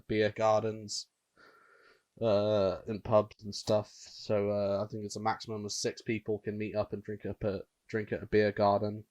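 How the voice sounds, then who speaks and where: Man, 18, low voice, dry sound, casual podcast chat, swears a lot. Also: no echo, muffled recording. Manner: swears often, laughs at himself. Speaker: podcast co-host.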